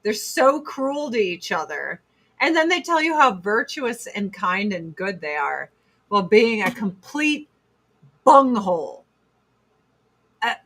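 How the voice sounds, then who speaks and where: A woman's voice: medium pitch, a bit bright. A woman in her forties hosting a casual livestream, ranting bluntly with profanity and mocking put-on quotes. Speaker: livestream host.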